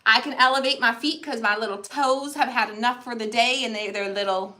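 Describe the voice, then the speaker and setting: Brief: middle-aged woman, crafting host, bright tone, slightly high, chatty storyteller. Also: steady tone, fairly quick. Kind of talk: casual chat while crafting.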